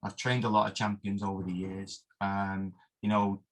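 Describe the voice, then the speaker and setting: A man's voice: low-pitched, little pitch movement, normal speed. A man, a martial arts instructor, rambling through interview anecdotes with plenty of fillers and mild oaths. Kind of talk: interview storytelling.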